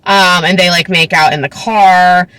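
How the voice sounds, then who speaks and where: Young woman vlogger, bright voice, dry close sound, gossipy book recap with sarcastic asides. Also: lowish voice, steady tone, measured pace, smooth, no echo, low-quality recording. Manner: chatty, heavy use of "like", sarcastic asides, giggles; swears casually.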